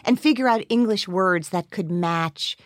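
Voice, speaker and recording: A woman hosting a podcast, chatting casually with a guest and dropping wry, deadpan quips. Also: mid-range voice, unhurried, no room sound, studio quality. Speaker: podcast host. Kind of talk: casual interview chat.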